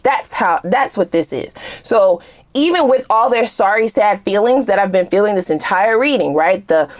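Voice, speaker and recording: Brief: woman tarot reader, casual and sassy, animated, talks straight to her viewers, swears freely. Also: medium pitch, normal speed.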